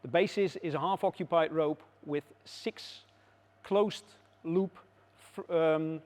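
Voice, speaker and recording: High-voiced man guiding a factory tour. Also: darkish tone. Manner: explanatory, measured, with frequent "uh" pauses. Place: factory floor.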